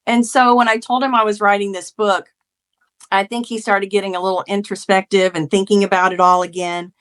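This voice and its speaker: A woman's voice: medium pitch, brisk. A woman in her forties, a guest author and mother, telling her story with feeling and acting out quoted arguments. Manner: heartfelt, animated storytelling, acts out quoted arguments. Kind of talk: emotional conversational interview.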